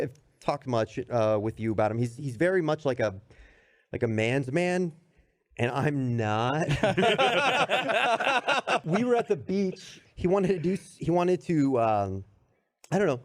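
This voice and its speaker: A man in casual podcast chat, telling a self-deprecating story with laughs and hesitations. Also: mid-range voice.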